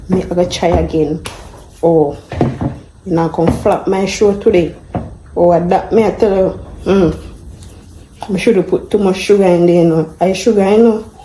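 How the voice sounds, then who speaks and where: Woman, home cooking vlog, slow and mellow, self-mocking, roomy kitchen with faint hum. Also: medium pitch. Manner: laughing, self-mocking, talking to herself while cooking. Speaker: home cook vlogger. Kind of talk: casual cooking vlog chat.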